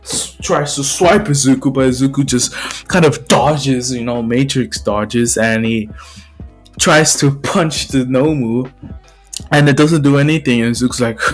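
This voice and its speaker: A man excitedly rambles through a fan story, often restarting his sentences. His voice sits at an ordinary middle pitch. Faint music plays beneath him. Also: measured pace. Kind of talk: casual storytelling of a fan scenario.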